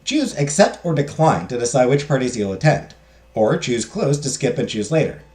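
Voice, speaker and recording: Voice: medium pitch, big pitch swings, moderate pace, a little mellow. A game streamer reading game text aloud and making joking, self-mocking asides while playing. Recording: roomy echo.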